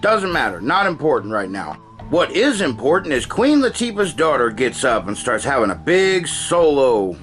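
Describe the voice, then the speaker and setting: A man's voice: mid-range voice, very animated, moderate pace, fairly bright tone, faint music behind. A man recapping a movie in a casual, sarcastic and profane way, often acting out what characters say. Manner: sarcastic, swears freely, acts out quotes. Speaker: movie reviewer.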